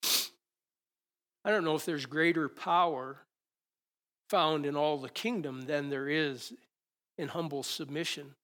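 A man preaching a sermon, his voice sitting a little high for a man. He talks in a loose, joking way and swings between loud, emphatic lines and quiet asides, speaking into a microphone. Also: fairly even intonation, takes it slowly, pauses often. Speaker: pastor.

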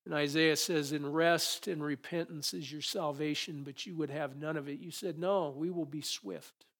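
Man preaching with hushed, fervent prayer. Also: fairly high pitch, normal speed. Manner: shifts between hushed prayerful lines and animated acted-out exclamations. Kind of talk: sermon with closing prayer.

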